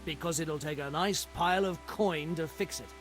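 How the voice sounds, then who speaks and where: A man's voice: a little high, normal speed, faint music behind, lightly acted. A man voicing a stern, scolding town guard. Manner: scolding, officious. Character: stern male town guard, officious and fed up. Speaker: game character.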